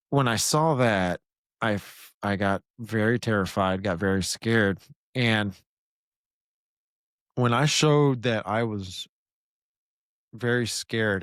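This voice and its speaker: A low-pitched man hosting a podcast tells a story in an animated, intense way, stumbling and restarting as he goes. His voice is close and dry, with hardly any room around it. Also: no echo. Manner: animated, intense retelling with many restarts and fillers. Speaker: podcast host. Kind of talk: casual storytelling.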